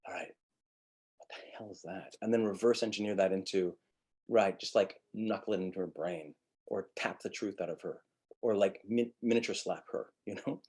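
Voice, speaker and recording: A man teaching an acting webinar, blunt and profane, acting out quick lines of dialogue as examples. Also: lowish voice, breathy edge. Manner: blunt, profane, animated, acts out quick quotes. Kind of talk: webinar lecture.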